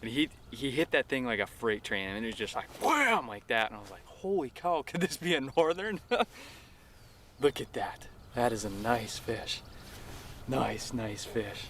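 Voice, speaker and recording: A man hosting a fishing show from his boat outdoors, narrating with excitable, folksy exclamations. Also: medium pitch, moderate pace, slight background noise. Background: background music.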